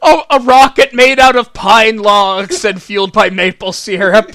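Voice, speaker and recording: A man's voice: high-pitched, fairly even intonation, a little slow, sharp tone, no room sound, clean studio sound. A man from New Jersey on a casual podcast, making wry joking asides. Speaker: podcast co-host.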